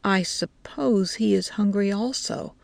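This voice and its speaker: A woman's voice: mid-range voice, a little slow, vocal fry, a little mellow, dry recording. A woman reading a story voices an old village woman who speaks mildly and plainly, puzzled by the soldiers.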